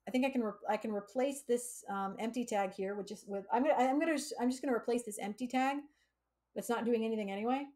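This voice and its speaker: A woman's voice: fairly high pitch, fast talker, a little mellow. A woman hosting a live coding stream, thinking aloud as she works and explaining with everyday analogies. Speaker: coding livestream host.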